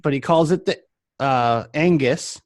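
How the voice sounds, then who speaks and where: A man's voice: medium pitch, slow pace, no room sound. A man hosting a casual chat, telling rambling shop anecdotes with lots of fillers. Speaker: podcast host and vape shop worker.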